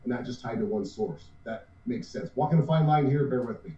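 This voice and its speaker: A man's voice: medium pitch, fairly quick, warm tone. A man, co-owner of a cosplay group, talking earnestly in a casual interview with many restarts. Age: 50s. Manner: rambling, earnest, restarts often. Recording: roomy, distant, dull lo-fi sound.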